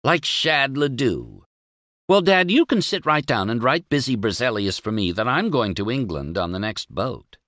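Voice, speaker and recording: A man's voice: medium pitch, sing-song, normal speed, fairly bright tone, dry recording, clean studio sound, voice pushed up. A man voicing a fierce, defiant young woman who snarls with scorn. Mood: scornful.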